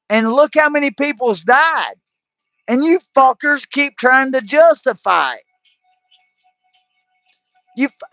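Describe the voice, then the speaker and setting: Slow, profane man ranting on a livestream. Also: extremely high pitch, pushed and bright, dry recording. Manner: profane, heated, stumbling restarts. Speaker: livestream host. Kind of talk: angry political rant. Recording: dull lo-fi livestream audio.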